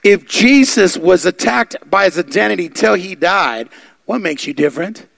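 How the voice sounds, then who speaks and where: A man preaching a sermon, fervent and building to loud exhortation. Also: high-pitched, lively intonation, normal speed, vocal fry, no echo.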